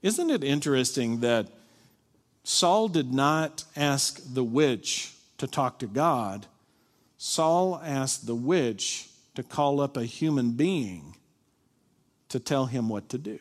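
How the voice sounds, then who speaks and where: A male pastor preaching a sermon, animated, acting out the people he quotes. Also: medium pitch, takes it slowly. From Kentucky. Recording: long reverb of a large hall.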